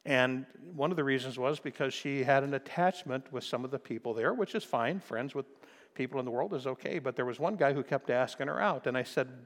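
Older man, pastor, folksy sermon storytelling, emphatic bursts, mid pitch, long hall reverb. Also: brisk. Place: church sanctuary.

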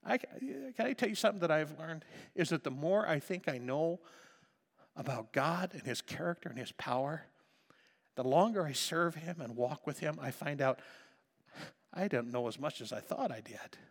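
A man's voice: a little high, expressive, moderate pace, creaky. Impassioned preacher man in a reverberant hall. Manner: impassioned, swinging between hushed and loud. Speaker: pastor. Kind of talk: sermon.

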